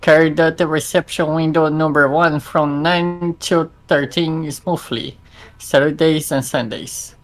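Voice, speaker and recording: A man reading signs aloud for a friend in a halting, hesitant way, stopping to puzzle over words. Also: a little high, steady tone. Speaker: co-player translating signs.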